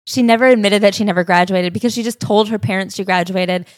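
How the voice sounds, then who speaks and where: A woman's voice: medium pitch, steady tone, fast talker, no room sound. Brief: dry-witted woman podcast co-host, matter-of-fact casual retelling, close, dry sound. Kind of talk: casual chat.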